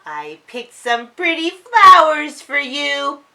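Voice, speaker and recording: Lady doing a tiny boy duckling, super high and squealy, bouncing around. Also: sing-song, slow, vocal fry, sharp tone, exaggerated voice. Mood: excited. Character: small excitable boy duckling.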